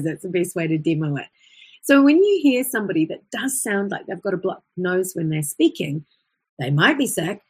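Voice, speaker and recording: A woman's voice: medium pitch, slightly rough. A woman teaching an online voice lesson, explaining in a chatty way with fillers and self-corrections.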